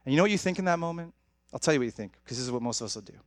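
A man's voice: mid-range voice, lively intonation, rapid-fire, no echo, clean studio sound. A young man preaching a sermon as pastor, talking to the congregation in a direct, conversational way. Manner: conversational, direct, addresses audience as guys.

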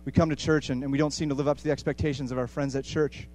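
A man preaching a sermon with passion, repeating phrases for emphasis and swinging between hushed and loud. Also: mid-range voice, little pitch movement, very fast, faint music behind.

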